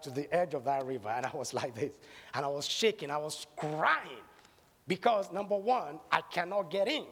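A fairly high-voiced man preaches with a lively, swooping delivery, telling his story dramatically before rising into loud calls to faith. His voice rings with the long reverb of a large hall. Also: slightly rough. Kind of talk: sermon with a personal story.

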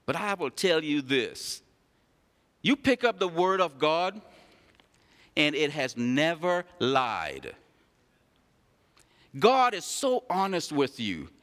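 Man preaching, lively pitch, hall reverb. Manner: preaching with big swings in pitch and loudness. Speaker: pastor. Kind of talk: sermon.

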